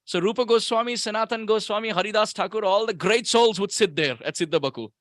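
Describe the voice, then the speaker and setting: High-voiced animated male preacher. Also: fast talker, no room sound, studio quality. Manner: animated storyteller who shifts pitch sharply for emphasis; asks the audience rhetorical questions. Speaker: visiting speaker giving a temple talk. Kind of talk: devotional sermon storytelling. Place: temple hall.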